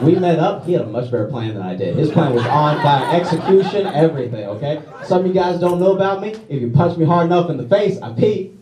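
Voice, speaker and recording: A man's voice: on the high side, lively intonation, brisk. A young man from Louisiana doing a self-deprecating stand-up comedy set, often checking in with the crowd. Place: comedy club stage. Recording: roomy club sound from a distant mic with loud crowd. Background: audience laughter.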